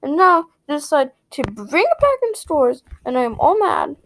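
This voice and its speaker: A woman's voice: high-pitched, big pitch swings, moderate pace, fairly bright tone, dry recording. A female gaming vlog host ranting indignantly in a casual, rambling way, repeating herself and filling with "like".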